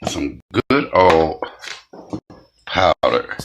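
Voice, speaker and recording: Male home-cooking host, very low and animated, blunt and chatty, slight hiss behind him. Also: very slow, lo-fi sound. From Detroit, USA. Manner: chatty and blunt, talks straight to viewers. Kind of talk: casual cooking vlog with tasting.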